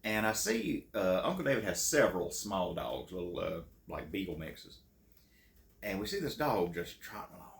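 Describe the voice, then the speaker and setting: Gravelly low-voiced man. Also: big pitch swings, normal speed. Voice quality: gravelly, folksy and laughing easily. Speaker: channel host and storyteller. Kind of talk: casual storytelling. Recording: echoey room.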